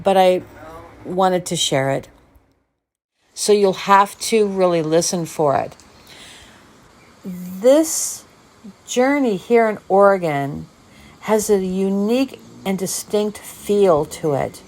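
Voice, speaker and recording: A woman's voice: medium pitch, lively intonation, takes it slowly, pauses often, a little mellow. A woman hosting her own video diary podcast, musing aloud in a meandering, reflective way. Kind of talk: personal diary monologue.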